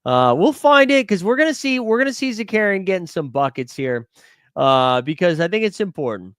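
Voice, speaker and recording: Animated rambling male livestream host. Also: sits high, fairly quick, clean tone, no room sound, clean studio sound. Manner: rambling, jokey, talks to chat while searching. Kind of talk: casual live-stream chat.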